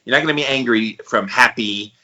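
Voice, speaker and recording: A man in his forties co-hosting a podcast, thinking out loud and steering the chat with questions. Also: mid-range voice, brisk, low-quality recording. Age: 40s. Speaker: podcast co-host.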